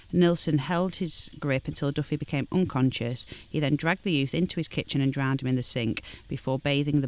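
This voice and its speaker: A woman's voice: sits low, a little mellow. A woman, a podcast guest who swears freely and laughs easily, chatting and reading out a true-crime account in a garden. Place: a home garden outdoors.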